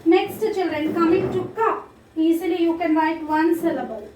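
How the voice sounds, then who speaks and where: A woman teacher with an Indian English accent, slowly drilling words and repeating each one clearly for a recorded online class. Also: extremely high pitch. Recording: roomy echo, distant mic, faint noise.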